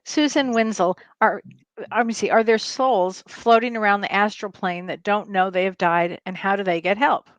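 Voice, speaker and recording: A woman's voice: mid-range voice, steady tone, moderate pace, clean tone, dry recording. Woman co-host reading viewer questions. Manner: warmly reacting with short interjections. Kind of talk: casual talk show chat.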